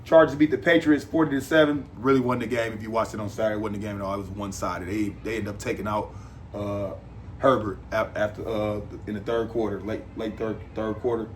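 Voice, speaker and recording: A man's voice: on the low side, fairly even intonation, fast talker, slight background noise. A man hosting a podcast, delivering a casual monologue in an emphatic, repetitive, rambling way. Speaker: podcast host.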